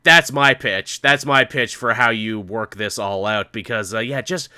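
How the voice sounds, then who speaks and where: A man hosting a comics podcast in casual chat, animated and joking, with the odd swear word. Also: medium pitch, measured pace, clear, resonant tone. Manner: animated, swearing, playful put-on quotes. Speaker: podcast host.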